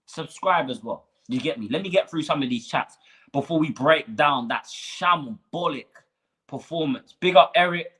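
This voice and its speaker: A man's voice: fairly high pitch, moderate pace, a bit bright. Heated man ranting. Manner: heated, profane, street slang. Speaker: football fan channel host. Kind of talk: livestream match reaction rant.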